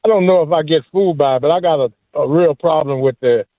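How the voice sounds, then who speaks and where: A man's voice: on the high side, fast, dry recording. A man from Michigan calling into a sports radio show, eager and opinionated. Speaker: caller. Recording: tinny phone line.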